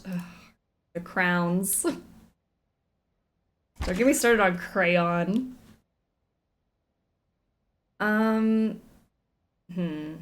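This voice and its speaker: A woman's voice: mid-range voice, slight background noise. A young woman chatting through a video game playthrough, giggly and second-guessing herself. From Southern United States. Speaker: game streamer. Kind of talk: casual let's-play commentary.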